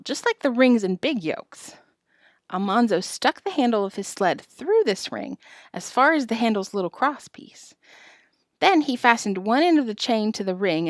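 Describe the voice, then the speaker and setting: A woman reads a children's chapter book aloud with lively, dramatic storytelling. Her voice is mid-pitched and recorded close in a dry room. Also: no echo. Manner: expressive, dramatic narration. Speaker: storybook reader. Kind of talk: reading a children's novel aloud.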